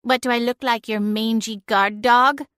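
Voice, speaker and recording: A woman's voice: fairly high pitch, fairly even intonation, unhurried, a bit bright, smooth, dry recording, studio quality. A woman voicing a smug, sly female talking cat who teases with drawling, passive-aggressive innocence. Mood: smug teasing.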